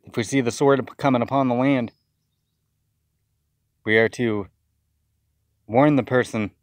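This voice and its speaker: A man's voice: medium pitch, steady tone, a little slow, no echo. Fiery preaching man, dry sound. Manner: fiery, accusatory, repeats words mid-sentence. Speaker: self-styled preacher. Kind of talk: impassioned video sermon rant.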